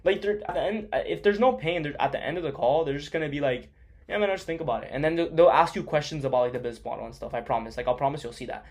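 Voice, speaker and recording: A man's voice: a little high, fast talker, few pauses, a little mellow. Blunt, profane young male sales coach. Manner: blunt, profane, filler-heavy with lots of "like". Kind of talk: casual coaching monologue.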